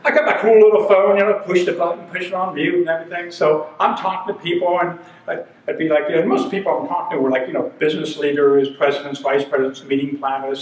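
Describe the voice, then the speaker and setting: A man in his sixties telling humorous stories in an animated way, acting out the voices he quotes. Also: on the high side, fast, hardly any pauses. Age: 60s. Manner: animated, acts out quoted voices, laughs through punchlines. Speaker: humor speaker. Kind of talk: humorous storytelling talk. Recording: echoey room, voice from a distance, noisy.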